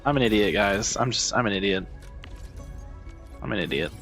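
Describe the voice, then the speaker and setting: With faint music in the background, a gaming streamer talks at normal speed in a lowish, animated, slightly bright voice. His casual commentary is full of frustrated muttering, swearing, and self-deprecating jabs about being an idiot.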